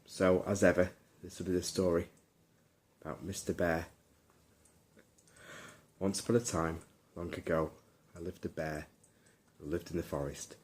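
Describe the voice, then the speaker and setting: A man narrates a bedtime story in a calm, soothing way. His voice is deep and low throughout. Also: unhurried, long pauses.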